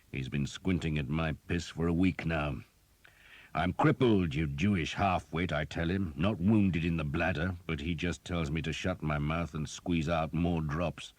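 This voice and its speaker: A man voicing a scarred knight in his thirties with a deep, harsh voice, growling and sour. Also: no room sound.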